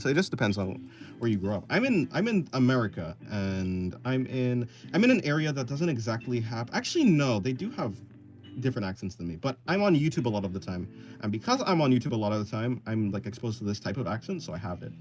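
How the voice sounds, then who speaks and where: Casting: male streamer, casual live chat, rambling and self-correcting, offhand, pitch that swings up and down, faint music under him. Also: very animated, brisk. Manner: offhand, apathetic. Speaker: livestreamer answering chat.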